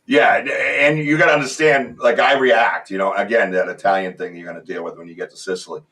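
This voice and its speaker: A man hosting a podcast in casual chat, excitable and talking in quick restarts. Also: on the low side, distant mic. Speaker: podcast host.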